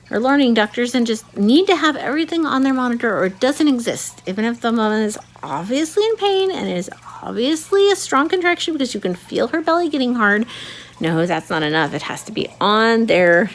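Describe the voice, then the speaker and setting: A woman vlogger casually telling a personal birth story, animated and acting out the voices she quotes. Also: fairly high pitch, fairly quick.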